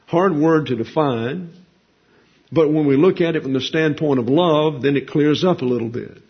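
Folksy preacher man, husky, lo-fi. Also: medium pitch. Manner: folksy, conversational teaching with rhetorical questions. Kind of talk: sermon. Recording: dull lo-fi recording.

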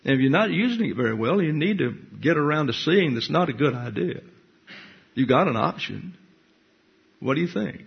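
Blunt teaching pastor, husky voice. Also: male voice, a little high, expressive, brisk. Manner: blunt, teacherly, reads scripture with commentary. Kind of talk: Bible class sermon. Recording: dull lo-fi recording.

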